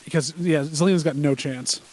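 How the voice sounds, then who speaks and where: Male podcast co-host, quick eager chatter, slightly high voice, casual banter. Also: a little mellow. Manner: fast, enthusiastic, rambling. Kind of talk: casual chat reacting to wrestling.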